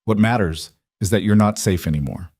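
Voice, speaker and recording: A man playing a dangerous crime boss in an audiobook romance, calm and quiet, every word certain. His low voice sits dry and close to the mic. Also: a little fast, no echo, lightly acted. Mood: cold. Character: cold, controlled male crime boss.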